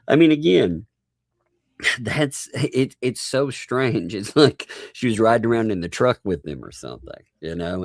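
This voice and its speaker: Gravelly Southern man hosting a live stream. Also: fairly low pitch, a little slow, no room sound, clean studio sound. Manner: animated, laughing, mocking voices in asides. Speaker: host. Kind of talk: casual live-stream chat.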